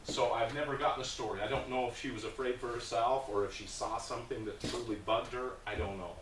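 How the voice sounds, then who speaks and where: A man's voice: medium pitch, fairly even intonation, quick pace, background noise. A man giving a plainspoken, earnest storytelling talk to a group as a guest speaker, with hesitations along the way. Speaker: guest speaker about a volunteer food project. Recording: roomy sound from a distant mic.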